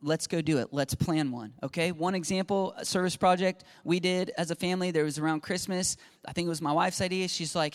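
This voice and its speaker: A man's voice: sits high, a little fast, hardly any pauses. A man in his forties giving an informal, earnest sermon-style talk on faith and parenting, acting out quotes as he goes. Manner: earnest, lively, acts out quotes. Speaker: Christian speaker on parenting.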